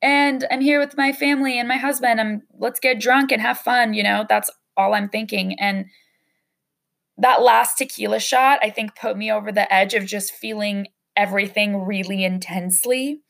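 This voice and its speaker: A woman's voice: medium pitch, fairly even intonation, moderate pace, gravelly, a bit bright. A young woman hosting a podcast, telling a personal story in a candid, emotional way with frequent fillers and some swearing. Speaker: podcast host.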